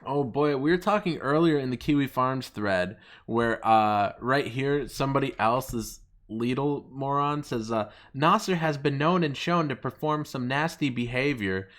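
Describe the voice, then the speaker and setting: A young man hosting his channel, ranting with mocking laughs and jumping into a higher voice whenever he quotes people. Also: a little slow, few pauses, a bit bright. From United States. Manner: mocking, laughing often, pitch jumping up when quoting others. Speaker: channel host. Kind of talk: ranting commentary.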